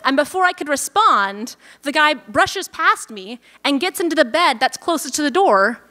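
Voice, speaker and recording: A woman telling a personal story live on stage at a venue event, lively and self-amused, acting out her own thoughts. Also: sits high, normal speed.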